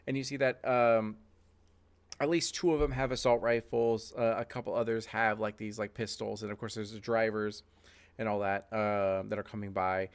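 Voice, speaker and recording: A man's voice: fairly low pitch, little pitch movement, moderate pace, clean tone. A man narrating as game master of a tabletop game, loose and chatty with many fillers.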